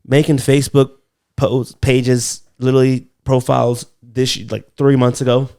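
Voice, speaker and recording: Gravelly man telling stories casually. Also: mid-range voice, level tone, a little slow, darkish tone. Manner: loose, profane storytelling. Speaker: podcast co-host. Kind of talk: casual chat.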